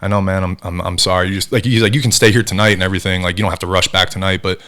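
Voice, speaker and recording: A man in his thirties from New Jersey, a former ballplayer guest telling animated stories in casual chat. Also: low voice. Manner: fast, animated storyteller acting out quotes. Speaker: podcast guest, former baseball pitcher.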